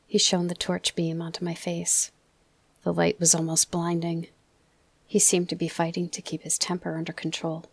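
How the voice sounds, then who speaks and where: A woman narrating an audiobook softly, often dropping into a whisper. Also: on the low side, completely flat delivery, moderate pace, gravelly, breathy edge, no echo. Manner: soft, often drops to a whisper. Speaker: audiobook reader.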